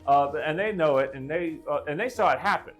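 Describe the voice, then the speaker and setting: A man's voice: a little high, quick pace, fairly bright tone, faint music behind. Rambling man telling a gory comic tale. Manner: rambling, many restarts and fillers, gleefully gruesome. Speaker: storyteller and streamer. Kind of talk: improvised comic storytelling.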